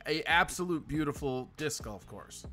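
Brash Minnesotan man, bright forceful voice, profane and teasing, casual podcast chat. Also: a little high, animated, normal speed, soft background music. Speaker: podcast co-host.

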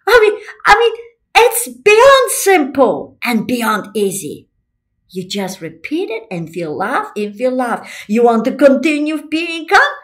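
A woman hosting a casual motivational self-help talk, repeating her points and swinging between soft, near-whispered lines and excited bursts. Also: high voice, takes it slowly. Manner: lively, repetitive, swoops between soft and excited. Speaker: self-help video host.

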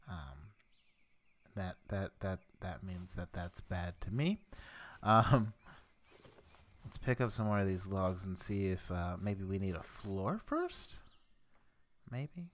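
A man's voice: low-pitched, slow. A young man giving casual let's play commentary, rambling and muttering to himself as he works through a game's crafting menu. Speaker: gameplay commentator.

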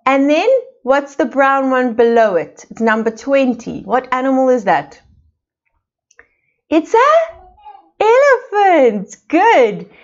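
A woman from South Africa teaching small children in an online playschool lesson, asking slow, sing-song questions. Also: high-pitched, muffled recording. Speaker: preschool teacher.

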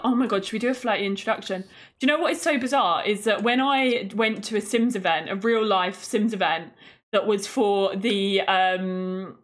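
A woman's voice: a little high, moderate pace, faint music behind. A woman giving casual, playful gameplay commentary as a streamer, chatty and mock-indignant as she greets her chat. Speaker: gaming streamer.

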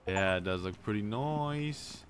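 A man with a low voice chats casually while playing a co-op game. His replies are easygoing and relaxed. Faint game ambience sits behind him. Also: measured pace, a little hiss or hum. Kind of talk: casual co-op gaming chat.

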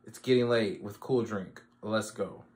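A man hosting his own music reaction video, chatting casually and excitedly, repeating phrases and laughing often. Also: fairly low pitch, a little slow. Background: music playing.

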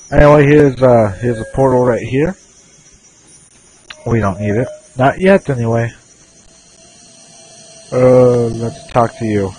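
A man's voice: mid-range voice, a little mellow, a little hiss or hum, rough recording. A man doing casual game commentary, reading the on-screen game text aloud between offhand asides at his computer. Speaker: let's play gamer.

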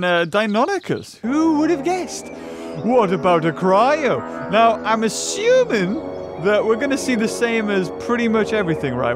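Brief: animated gamer, high voice, faint game music behind. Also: male voice. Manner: shrieks and laughs at the action, fast chatter. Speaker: gaming YouTuber. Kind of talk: excitable gameplay commentary.

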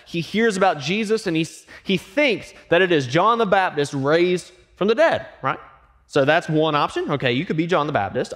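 A man pastor preaching a sermon, acting out quoted voices and dropping to hushed, emphatic lines. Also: on the high side. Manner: acts out quoted voices and asks the congregation questions.

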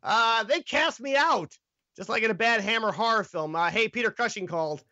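A man's voice: high voice, moderate pace, bright, forceful tone, no echo, lo-fi sound. A man hosting a casual comedic movie review podcast, reading scripted jokes with stumbles and laughs. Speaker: podcast host.

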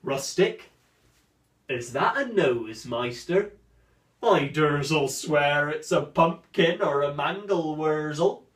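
A man's voice: on the high side, sing-song, slow, long pauses. A man playing Cyrano, grandly mocking, echoey room. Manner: declamatory, mocking, sweeping swings of voice. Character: proud witty swordsman mocking a rival, man. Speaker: stage actor performing a monologue. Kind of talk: theatrical verse monologue. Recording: roomy echo, distant from the mic.

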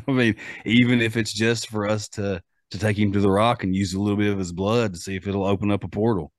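Man, Appalachian accent, podcast host, very low pitch, dry close recording, rambling. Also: little pitch movement, fairly quick, dry recording. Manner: rambling, many fillers and restarts. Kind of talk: casual podcast chat.

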